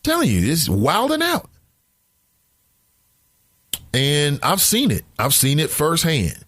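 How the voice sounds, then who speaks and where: A man hosting a casual talk radio show, speaking in an animated, emphatic, conversational way. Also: fairly high pitch, slow, no echo, studio quality.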